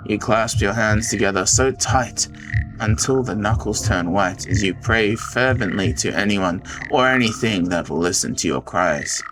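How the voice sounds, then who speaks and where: A man streaming a visual novel, reading it aloud dramatically with excited outbursts. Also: on the low side, normal speed. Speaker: game streamer. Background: game music.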